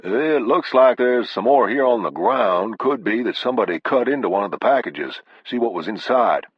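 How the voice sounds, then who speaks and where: A man voicing a younger, deferential Texas deputy in a higher, eager drawl, in an audiobook reading. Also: lively intonation, normal speed, breathy edge, dry recording. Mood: thoughtful. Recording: dull, dry lo-fi audio.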